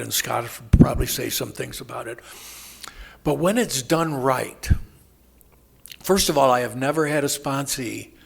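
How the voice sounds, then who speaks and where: A man sharing his recovery story at a meeting, rambling and interrupting himself, laughing at his own jokes and acting out quoted voices loudly. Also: mid-range voice, gravelly, husky. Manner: acts out quoted voices with sudden loud jumps. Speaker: AA speaker.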